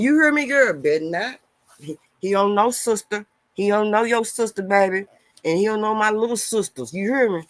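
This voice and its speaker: A man with a high voice holds forth on a casual live stream, reading out viewer comments and answering them. He preaches and scolds, swinging from loud outbursts to low mumbling. The sound is dry and close to the mic. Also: lively intonation, normal speed, no echo.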